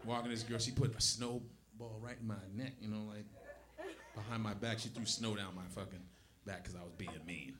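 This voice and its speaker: A man doing profane, animated stand-up comedy. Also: on the low side, brisk, crowd noise. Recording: live club audience laughing.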